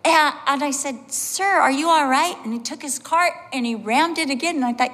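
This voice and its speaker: A woman pastor preaching a sermon, telling animated personal stories and acting out the voices of the people in them. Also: high voice, moderate pace, hardly any pauses. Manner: animated storyteller, acts out voices, laughs along. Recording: long hall reverb.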